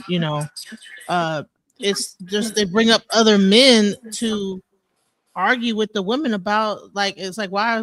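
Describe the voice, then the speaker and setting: A woman calling in as a guest to a livestream, speaking in an earnest, halting way. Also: lowish voice, a bit bright, no room sound, low-quality recording. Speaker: DJ call-in guest. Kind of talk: casual call-in chat.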